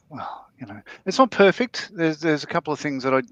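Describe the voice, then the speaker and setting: A man's voice: fairly high pitch, expressive, normal speed, fairly bright tone, no room sound, muffled recording. A man, chatting casually on a live panel while building a model, rambling and self-deprecating with lots of ums and restarts. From Australia. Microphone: video call.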